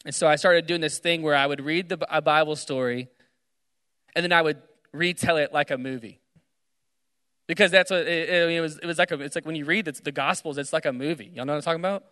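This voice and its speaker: A young man preaching casually to students from a stage, retelling a story with animated asides. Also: a little high, fast, smooth, dry recording, long reverb tail. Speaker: speaker at a student gathering. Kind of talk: energetic sermon. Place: large hall on a stage.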